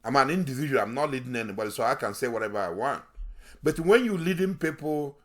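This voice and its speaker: A man's voice: mid-range voice, lively intonation, quick pace. A man hosting a political commentary show, talking in a heated, scornful way and repeating himself for emphasis.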